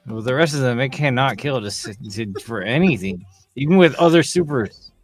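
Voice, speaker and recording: A man co-hosting a casual show chat, musing about characters with quiet trailing asides. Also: mid-range voice, lively intonation, moderate pace, faint music behind. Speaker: podcast co-host.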